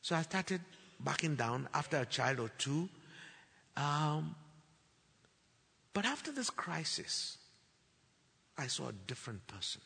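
Gravelly husky preacher man in a reverberant hall. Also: on the high side, big pitch swings, a little slow, pauses often. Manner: storytelling, acts out dialogue, rising to loud declarations. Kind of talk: sermon testimony.

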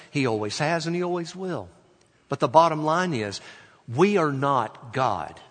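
Man preaching a slow, emphatic sermon. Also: a little high, in a large hall. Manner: slow, emphatic phrasing that trails off quietly at line ends. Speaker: pastor.

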